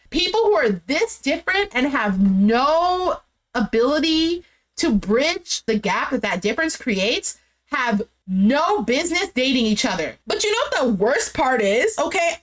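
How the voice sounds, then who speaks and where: A woman's voice: high voice, fairly bright tone. Chatty woman vlogger going off about a dating show, says bro a lot, voice jumps all over. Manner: exasperated, emphatic. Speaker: recap vlogger. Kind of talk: casual show recap commentary.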